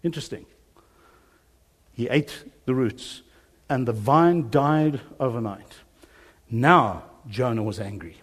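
Preacher in a reverberant church hall. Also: male voice, mid-range voice, slow, pauses often, husky. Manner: animated storytelling, acts out biblical dialogue, chuckles often. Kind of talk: sermon.

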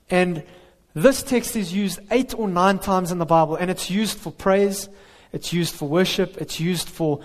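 A man preaching a sermon, earnest and emphatic, with rhetorical questions. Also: high voice. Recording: reverberant hall.

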